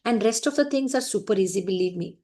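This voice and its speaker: A woman's voice: mid-range voice, lively intonation, quick pace, dark tone. Woman, Indian English accent, French teacher, patient, repeats points, asks right? a lot. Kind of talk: explaining a French writing lesson.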